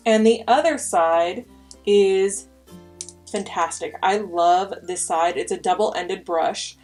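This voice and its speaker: A woman's voice: mid-range voice, slow pace, darkish tone, faint music behind. A young woman vlogger reviewing makeup brushes in a chatty, enthusiastic way, sometimes dropping to a whisper. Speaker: beauty vlogger.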